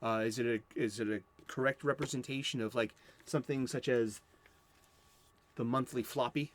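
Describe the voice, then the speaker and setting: A man's voice: mid-range voice, steady tone, normal speed, a little hiss or hum. Rambling American man hosting comics chat. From United States. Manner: rambling, profane, self-interrupting. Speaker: comic book show host.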